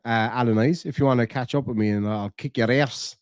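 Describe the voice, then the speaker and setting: A man's voice: medium pitch, lively intonation, normal speed, few pauses, a little mellow, clear, resonant tone. An Irish man rambling to his chat on a live stream, loose and sweary, reading out messages as they come. His voice sits in the middle range, and the recording is dry, close and free of room echo. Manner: rambling, swears a lot, reads chat aloud.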